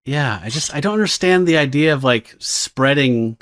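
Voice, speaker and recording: A man co-hosting a comics podcast in a loose, rambling way, cursing now and then and drifting between thoughts. His voice sits at an ordinary middle pitch. He sounds unhurried and conversational. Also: lively intonation, a bit bright. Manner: rambling, swears, reads comic dialogue in put-on voices. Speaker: podcast co-host. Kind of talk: casual podcast chat about comics.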